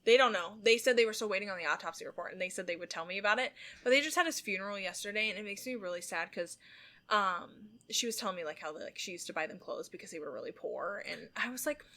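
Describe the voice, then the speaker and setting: A woman's voice: medium pitch, lively intonation, fast talker, bright, forceful tone. A young woman co-hosting a casual podcast, earnest and rambling, full of "like". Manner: earnest, rambling, heavy use of "like". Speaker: podcast co-host.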